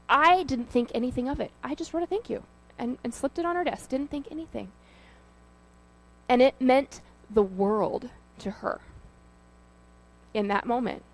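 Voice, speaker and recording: A woman's voice: high-pitched, poor audio. A woman giving an informal sermon, talking in a conversational, storytelling way with fillers and asides. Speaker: lay preacher.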